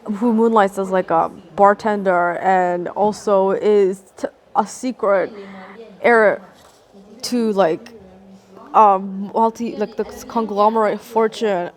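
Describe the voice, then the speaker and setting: A woman's voice: mid-range voice, steady tone, slow pace. A woman vlogging a casual, rambling monologue in a sarcastic tone, peppered with "like" and swearing.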